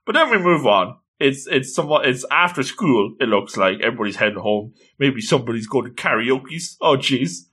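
Man, casual read-along commentary, bright tone, lively pitch, exclaiming often. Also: normal speed, few pauses, breathy edge. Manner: chatty, exclaiming, reacting aloud. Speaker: manga reader.

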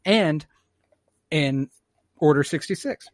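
A man casually recapping a show episode, loose and profane, slipping into quick voices for the characters. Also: fairly high pitch, expressive, dry recording, studio quality. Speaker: podcast co-host recapping an episode.

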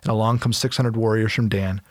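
A man hosting a casual podcast, retelling a Bible story in an animated way and acting out its characters in quick casual voices. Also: on the low side, no echo.

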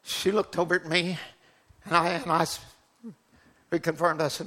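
A man's voice: on the high side, little pitch movement, moderate pace, pushed and bright. A man preaching a sermon, telling a personal testimony in an earnest, fervent way. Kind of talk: sermon storytelling.

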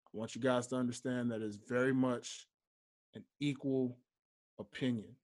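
A young man hosting a solo podcast, speaking slowly and deliberately and stressing his key points. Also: mid-range voice, steady tone, darkish tone. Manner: slow, deliberate, emphatic. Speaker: podcast host.

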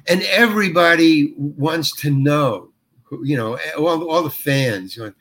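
A middle-aged man telling a story as an interview guest, acting out the quoted lines. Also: slow. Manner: animated, acts out quoted lines with jumps in pitch. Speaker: actor guest. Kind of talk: anecdotal storytelling.

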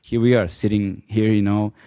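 A man interviewing a guest in a casual sit-down chat, talking in a rambling, halting, earnest way. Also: lowish voice, steady tone, dark tone, no room sound, clean studio sound.

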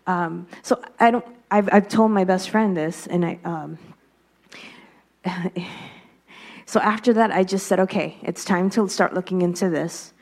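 Lower-voiced woman sharing a candid testimony. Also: a little slow. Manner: candid, reflective storytelling. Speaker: guest, wife. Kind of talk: faith-based personal testimony.

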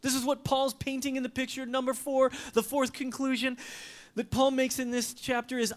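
A pastor preaching a sermon with emphatic delivery, swinging from loud, high bursts to hushed, almost whispered lines. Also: moderate pace.

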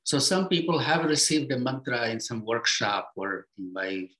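A man in a mid-pitched voice gives an unhurried spiritual teaching. He explains patiently and lets his phrases sink low and quiet at their ends. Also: lively intonation. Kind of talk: reflective spiritual talk.

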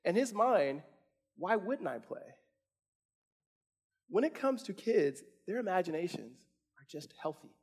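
A high-pitched man in his thirties preaches a sermon as if chatting with friends. He circles back, restarts his sentences and leans on fillers while he tells family stories. His voice rises and gets louder as he drives his point home. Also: sing-song, a little slow, pauses often, slightly rough. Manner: casual storytelling with many restarts and fillers. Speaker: pastor.

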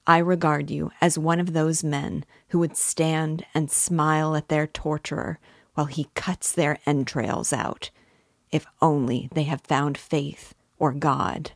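A woman's voice: low voice, steady tone, a little slow, creaky, no echo, clean studio sound, full character voice. Woman reading as an earnest pleading police investigator. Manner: pleading, insistent, fatherly. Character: earnest persuasive middle-aged male police investigator.

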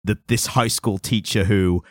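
A man's voice: lowish voice, fairly even intonation, measured pace, no echo, studio quality. A man co-hosting a podcast, chatting casually about comics and explaining at length with lots of fillers. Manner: rambling, explains at length with many "like"s. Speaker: podcast co-host.

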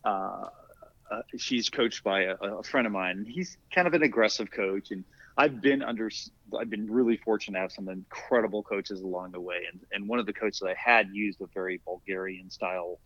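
Older guy, kinda low voice, telling firehouse stories and doing everybody's lines, dry muffled podcast audio. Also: dry recording. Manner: animated storyteller acting out quoted dialogue. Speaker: interview guest, masters athlete and former firefighter. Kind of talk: casual storytelling in an interview.

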